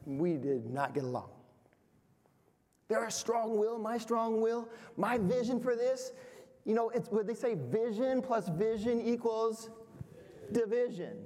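A high-pitched man in his fifties gives a motivational seminar talk, his voice swooping up and down with animation. He jokes at his own expense and keeps quizzing the crowd. The sound rings with the long reverb of a large hall. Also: a little mellow. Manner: playful, quizzes the audience, self-deprecating jokes. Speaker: speaker at a business workshop.

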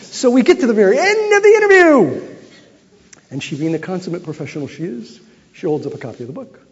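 A man's voice: high voice, quick pace, husky. A man giving a speech to a live audience, telling a story animatedly and acting out what others said. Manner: animated, acts out other people's lines. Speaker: keynote speaker. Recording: echoey hall, slightly dull sound.

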